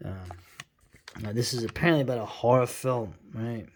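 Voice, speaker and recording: A man's voice: mid-range voice, normal speed, a little hiss or hum. A middle-aged man giving a rambling, sarcastic reaction commentary, full of fillers and restarts.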